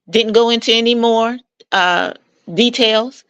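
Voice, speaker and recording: Animated storytelling woman with a dry close sound. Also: a little slow, no room sound, highs cut off. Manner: animated, acts out quoted dialogue with jumps in pitch; warm, persuasive, mentoring tone. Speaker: marital coach, interview guest. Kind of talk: conversational storytelling.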